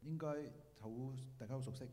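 A man interpreting a sermon into Cantonese, quick and halting with fillers. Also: mid-range voice, dark tone. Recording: hall reverb.

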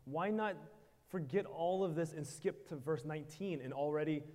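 A man preaching a sermon in short phrases, pausing so an interpreter can follow. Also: fairly high pitch, a little mellow. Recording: hall reverb.

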